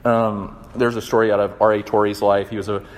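A young man giving a conversational, animated sermon, acting out the quotes. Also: lowish voice, a little fast. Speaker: campus minister. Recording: long hall reverb.

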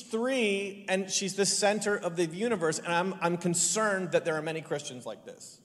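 Guy preaching, jokey and animated, kinda high voice, long echo off the hall. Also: normal speed, few pauses. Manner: lively, joking, rising to animated emphasis. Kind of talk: sermon with personal stories.

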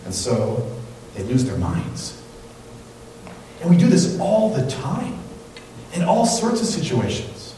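A man preaching a sermon in a church, talking in a conversational, animated way and acting out the people in his stories. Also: on the high side, slow, pauses often, far from the mic, slight background noise. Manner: conversational, animated storytelling with quoted voices. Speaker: pastor. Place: church sanctuary. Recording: very echoey hall, voice from off-mic.

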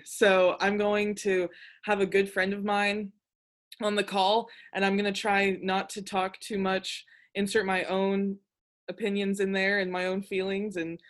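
A woman hosting a podcast in casual chat, gushing with thanks and filling pauses with ums. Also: medium pitch. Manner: gushing, warm thanks with fillers. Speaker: podcast host.

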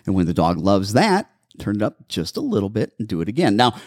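A man hosting a pet-advice show as a dog behaviorist, giving animated, step-by-step training instructions in casual chat. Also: on the low side, brisk, dry recording, clean studio sound. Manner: animated, instructive, repeats steps. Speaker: dog behaviorist, podcast host.

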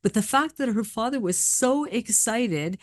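A woman working as a psychic medium, talking earnestly and reassuringly in a casual panel discussion and telling stories gently. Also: a little high, lively intonation, measured pace, dry recording, studio quality.

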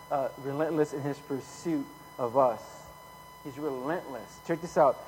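A man preaching a casual, conversational sermon full of slang, growing louder when he reads scripture. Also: on the high side. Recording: hall reverb, faint hum.

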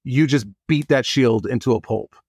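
A man hosting a comedy podcast, chatting playfully with quick self-deprecating asides. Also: mid-range voice, darkish tone, husky, no echo, clean studio sound. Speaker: podcast host. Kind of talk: casual comedic podcast chat.

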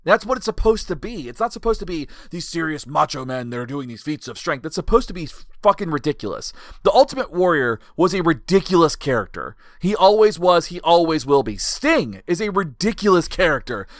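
A man hosting a casual podcast chat, telling stories in an animated way and swearing freely. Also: a little high, brisk, no room sound, studio quality.

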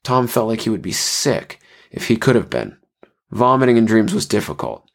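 A man narrating a scripted horror story in a measured way. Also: on the low side, big pitch swings, gravelly.

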